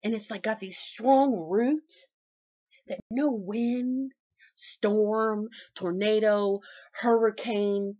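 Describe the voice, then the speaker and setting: Folksy, preachy woman vlogging on faith. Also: slow. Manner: lively, folksy and preachy, with big swings in pitch and loudness. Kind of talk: casual faith vlog, sermon-like. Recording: dull lo-fi recording.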